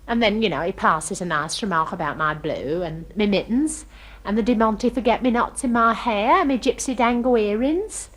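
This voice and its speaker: In a comic character monologue, an actress plays a chatty, starry-eyed young working-class London girl telling a funny story in gossipy, ungrammatical speech. Her medium-pitched voice is expressive, a bit bright, and moderately paced.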